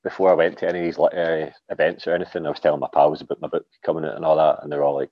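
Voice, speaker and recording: A man's voice: very deep voice, fast, highs cut off. A man with a Glaswegian accent, an author guest chatting casually on a podcast, swearing freely and dropping "like" and "aye".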